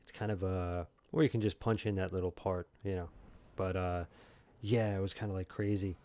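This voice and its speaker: Low-voiced man rambling on a game stream. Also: fairly even intonation, normal speed, dark tone. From New York. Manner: rambling, joking, talks to chat by name. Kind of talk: casual gaming stream chat.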